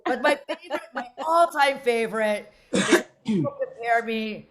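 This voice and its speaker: A woman's voice: on the high side, animated, moderate pace. Brash rambling middle-aged woman comic. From Las Vegas. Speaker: comedy show host. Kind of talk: stand-up comedy.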